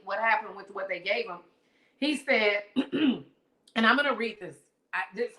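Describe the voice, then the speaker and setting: A woman hosting a live-streamed book lesson, retelling a story in an animated way, reading passages aloud and asking her viewers questions. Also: mid-range voice, roomy sound. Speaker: online book study host.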